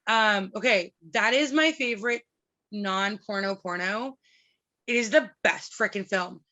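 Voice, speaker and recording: A woman's voice: mid-range voice, muffled recording. A woman in her thirties, a podcast guest, telling stories frankly and with lots of animation. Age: 30s. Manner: frank, animated storytelling with swearing and laughs. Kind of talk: candid podcast conversation.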